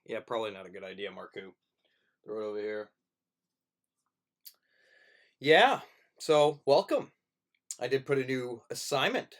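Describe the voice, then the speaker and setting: Playful rambling male teacher livestreaming. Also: on the low side. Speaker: film teacher. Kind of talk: casual livestream to students.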